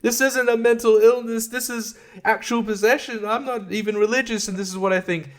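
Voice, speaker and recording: A man doing a mocking impression of a panicky older woman from a horror film, in a high, overwrought whine. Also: fairly even intonation, brisk. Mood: mock distress.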